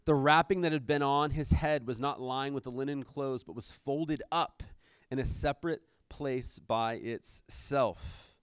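Speaking at a measured pace, this pastor has a smooth, medium-pitched voice recorded in studio quality without echo. His sermon is conversational: he reads scripture, then breaks off for lively explanation full of casual asides and fillers.

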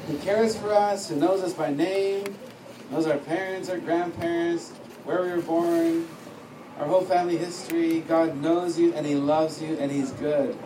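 A man's voice: on the high side, fairly even intonation, normal speed. A man giving an informal, chatty teaching talk to a class, wandering off on side stories and laughing often. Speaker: teacher at a discipleship school. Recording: echoey room, distant mic, faint noise.

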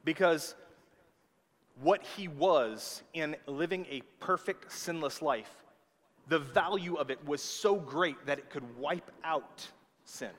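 Preacher guy, slightly high voice, keeps saying okay, big echo of a church hall. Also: expressive, takes it slowly, fairly bright tone. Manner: emphatic, checks in with "okay?" often. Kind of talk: sermon. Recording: long hall reverb.

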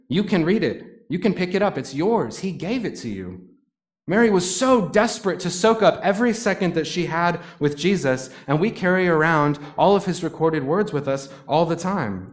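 A man preaching a sermon in a conversational way, building to emphatic bursts on his key points. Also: a little high. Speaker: pastor.

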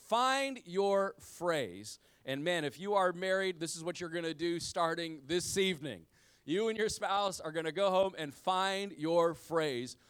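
Lively, smooth-voiced man preaching. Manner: animated preaching, swinging from loud emphasis to hushed low lines; casual slang, says "yo". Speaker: pastor. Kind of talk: sermon.

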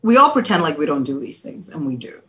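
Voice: mid-range voice, big pitch swings, fast talker, pushed and bright. A speaker in casual conversation, giving blunt, emphatic opinions.

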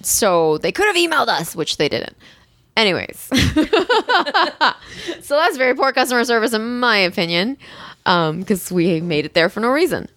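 A young woman casually telling a story, acting out quoted lines with a jump in pitch and frequent laughs. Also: normal speed, no room sound, clean studio sound. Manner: animated, acts out quotes with rising pitch and laughs. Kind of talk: casual chat.

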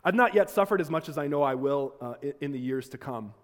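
A man's voice: fairly high pitch, lively intonation, fast. A man lecturing to students, telling a personal story in an earnest, conversational way with frequent restarts. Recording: long hall reverb.

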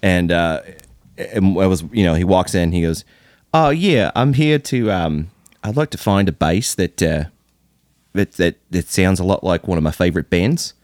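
A man's voice: low voice, normal speed, a little mellow, dry recording, studio quality. A man talking loosely in a casual podcast chat, rambling with many fillers and telling stories. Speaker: podcast guest.

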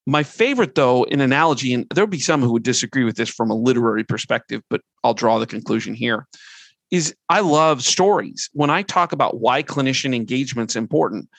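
A middle-aged man of average pitch gives a training talk in a relaxed, earnest way. He moves through his points one at a time. His voice is close and dry, with no room sound. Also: brisk, vocal fry, no echo. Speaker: presenter. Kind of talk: conversational training presentation.

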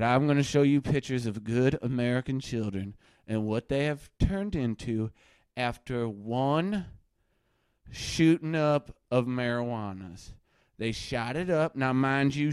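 A man doing a satirical webcast rant, bombastic and erratic, swinging from muttering to shouting. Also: medium pitch, measured pace, smooth, dry recording. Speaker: mock livestream ranter.

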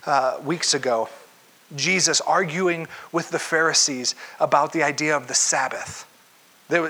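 A man preaching a conversational sermon, acting out quoted voices and dropping to a hush for gentle lines. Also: fairly high pitch. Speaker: pastor.

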